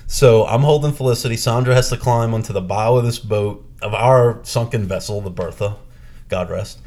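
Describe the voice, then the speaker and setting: A man's voice: mid-range voice, moderate pace, a little hiss or hum. A man co-hosting a podcast, telling a story in casual chat and acting out the people in it. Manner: animated, acts out quoted people; chatty, with restarts and fillers. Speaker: podcast co-host.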